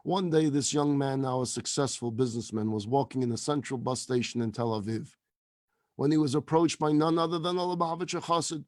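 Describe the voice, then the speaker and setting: A man, a rabbi, telling a story as a sermon, acting out the dialogue in his voice and dropping to a hushed, slow delivery at emotional peaks. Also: mid-range voice, steady tone, no echo, studio quality.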